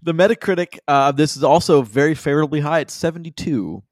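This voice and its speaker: A man's voice: on the high side, quick pace, no room sound, clean studio sound. A man hosting a casual movie podcast, rambling and stumbling over words with frequent laughs. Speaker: podcast host.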